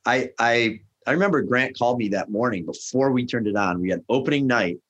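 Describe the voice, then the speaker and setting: A middle-aged man in a casual chat, telling a story with lively energy and acting out the lines of the people he quotes. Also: mid-range voice, fairly quick, dull audio. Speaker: guest, restaurant founder.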